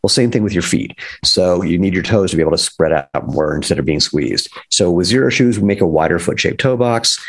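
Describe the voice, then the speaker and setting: A man's voice: low-pitched, animated, brisk, hardly any pauses. A man speaking as a guest about footwear, explaining with enthusiasm and wry asides. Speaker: footwear company founder as guest. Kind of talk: energetic explanatory talk.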